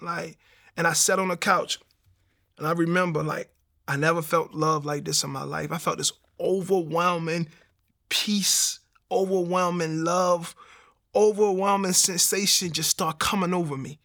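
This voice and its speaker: A young man, telling his personal testimony in a streetwise, animated way with slang. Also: on the high side, normal speed. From Baltimore. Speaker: testimony speaker.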